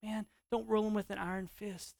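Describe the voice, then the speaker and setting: A man preaching a sermon in a conversational, animated way, often asking his listeners questions. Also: sits high, brisk, creaky. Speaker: pastor.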